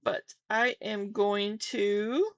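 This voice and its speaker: A woman's voice: medium pitch, steady tone, drawn-out words, no echo, lo-fi sound. Woman chatting on a casual livestream. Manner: candid, swears, easily exasperated. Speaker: livestream commentary host.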